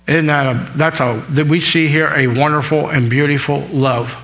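A man's voice: on the high side, steady tone, normal speed, fairly bright tone, low-quality recording. A man preaching a sermon, reading scripture aloud and retelling it, asking his listeners questions. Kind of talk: sermon, Bible teaching.

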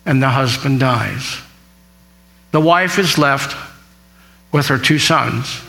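A man's voice: mid-range voice, slow pace, creaky, pushed and bright, low-quality recording. A man preaching a sermon, reading scripture aloud and retelling it, asking his listeners questions. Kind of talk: sermon, Bible teaching.

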